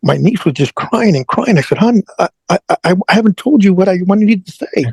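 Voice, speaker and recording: A middle-aged man with a gravelly, husky voice that sits a little high for a man. He tells an emotional personal story haltingly, stumbling over and repeating words. The sound is close and dry. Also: expressive, a little mellow, no echo, rough recording. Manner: halting, repeats words, prays aloud in retelling. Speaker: interview guest.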